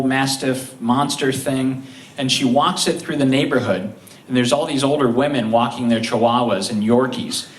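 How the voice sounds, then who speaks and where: A man's voice: mid-range voice, slight background noise. Male live storyteller, Ohio accent, self-mocking and chatty; roomy venue sound, miked from a distance. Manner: conversational, self-deprecating, acts out quotes. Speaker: storyteller on stage. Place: live stage before an audience.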